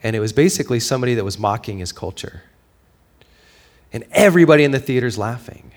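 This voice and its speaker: A man preaching a sermon in a mid-range voice, talking to the congregation in a conversational way. He drops to a hushed tone for stories, then builds up to loud, emphatic points. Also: mid-range voice, animated, quick pace. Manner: swings from quiet, intimate storytelling to raised, emphatic preaching; conversational, with fillers and frequent "right?". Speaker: pastor.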